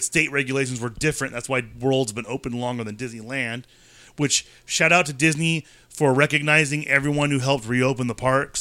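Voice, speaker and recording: A man in his thirties from California, co-hosting a casual chat and telling rambling stories with animated asides. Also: medium pitch, no room sound. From California, USA. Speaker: podcast co-host.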